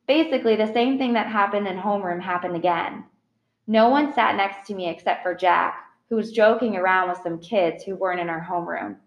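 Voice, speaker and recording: A woman's voice: mid-range voice, highs cut off. A woman narrating an audiobook in the first person, plain and earnest. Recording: roomy echo.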